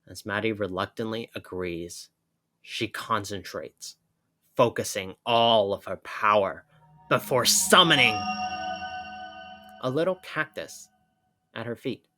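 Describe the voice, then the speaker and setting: A man narrating a comic book story with a steady, even reading. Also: lowish voice, slow, long pauses, soft background music.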